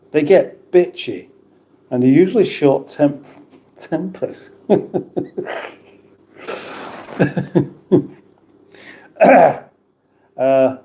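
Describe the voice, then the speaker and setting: A fairly high, mellow voice belongs to this middle-aged UK livestream host. He chats loosely as he reads viewer comments, restarting sentences and bantering along the way.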